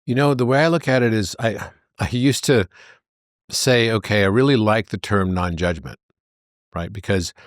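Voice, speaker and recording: A man as a podcast guest, telling anecdotes in an animated way and jumping into high voices for the characters. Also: moderate pace, no room sound, studio quality. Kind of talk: conversational storytelling.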